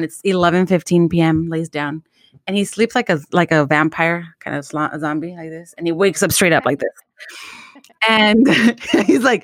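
A woman co-hosting a podcast, telling a family story in casual chat and mimicking her husband with expressive, laughing delivery. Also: mid-range voice, no echo, studio quality. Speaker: podcast co-host.

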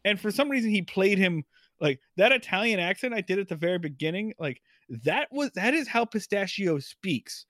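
A man's voice: high-pitched, animated, moderate pace, a bit bright, no room sound, studio quality. A man co-hosting a casual movie-review podcast, ranting and swearing with lots of animation. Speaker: podcast co-host.

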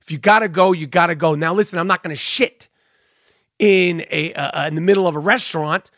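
A middle-aged man, hosting a podcast and telling a profane, animated comic story that acts out the other voices. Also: a little high, fairly quick, no echo, studio quality. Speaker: podcast host.

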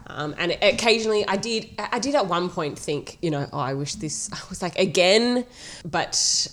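A woman's voice: fairly low pitch, moderate pace, a bit bright. A woman talking casually about a film she reviewed, chatty with lots of fillers and restarts. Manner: chatty, laughs often, many fillers and restarts.

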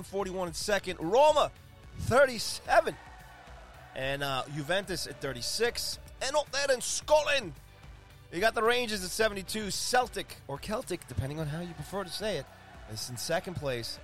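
High-pitched and a bit bright, this sports podcast co-host runs through the league standings in casual chat. He's talkative and rambling, full of fillers, jokes and side comments.

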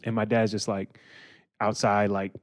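A man's voice: on the low side, level tone, a little slow. A man hosting a podcast, telling stories in casual chat with lots of fillers. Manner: rambling storyteller, lots of fillers. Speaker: podcast host.

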